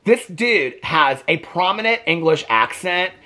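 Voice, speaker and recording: Man vlogger, sassy reaction rant with a lively, bright delivery. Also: on the high side, unhurried. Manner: sassy, emphatic, keeps saying "okay?". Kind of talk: casual ranting commentary.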